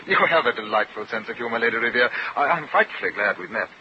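A man's voice: mid-range voice, lively intonation, fast talker, lightly acted. Guy doing a posh bored english lord, clipped drawl, muffled hissy old radio. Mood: suave. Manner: clipped upper-class drawl. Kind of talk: 1940s radio comedy acting.

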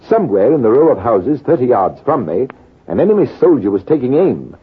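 A storytelling army major. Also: male voice, medium pitch, big pitch swings, husky. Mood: calm. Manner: measured, deliberate storytelling. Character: British army major, storytelling veteran, composed. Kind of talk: 1940s radio acting. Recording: tinny, lo-fi old radio broadcast.

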